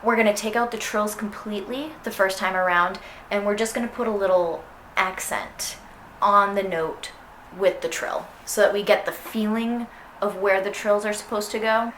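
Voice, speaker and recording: A woman's voice: medium pitch, fairly even intonation, normal speed, fairly bright tone. Young woman, clarinet teacher, casual and chatty, sings phrases aloud; roomy echo, faint background noise. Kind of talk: instructional music lesson. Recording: echoey room with faint noise.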